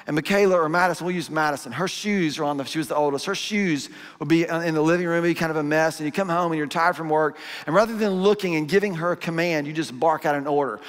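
Man, middle-aged, pastor, sermon, acts out little scenes, high-pitched, echoing church hall. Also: fairly bright tone. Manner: conversational, acts out parents and kids in asides. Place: church auditorium.

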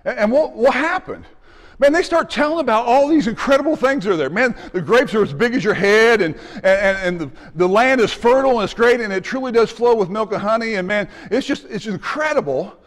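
A man with a high voice delivers a sermon in a church sanctuary. He preaches with energy, acting out the people in his story and now and then shouting. His voice carries a long hall reverb. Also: fairly quick. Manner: animated, acts out voices and shouts. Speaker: pastor.

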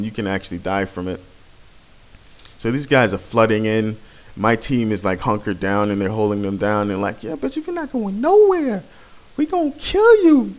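A man talking over his gameplay footage in a casual, rambling, profane way. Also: on the low side. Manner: rambling and profane, with frequent restarts. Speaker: gameplay commentator.

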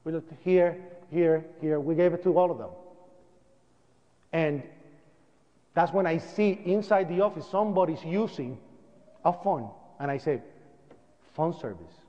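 A man with a Puerto Rican accent telling his story as a public speaker, animated and acting out the voices of people in it. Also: on the high side, unhurried, long pauses, in a large hall, dull audio. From Puerto Rico.

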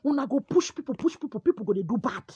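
A woman with a Nigerian Igbo accent gives a forceful, preachy monologue, switching between pidgin and Igbo. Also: on the high side, animated, quick pace, slightly rough, no room sound, muffled recording. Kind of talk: animated monologue.

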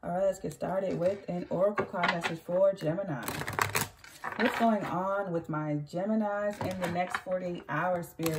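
A woman's voice: fairly low pitch, fairly even intonation, a little slow, very noisy. A woman giving a casual tarot reading who chats freely, corrects herself and laughs often. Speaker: tarot reader.

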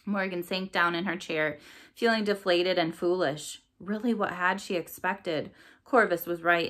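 A woman's voice: on the low side, a little slow, a bit bright. Woman reading a novel aloud. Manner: friendly, chatty outro with questions to listeners. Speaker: storybook reader.

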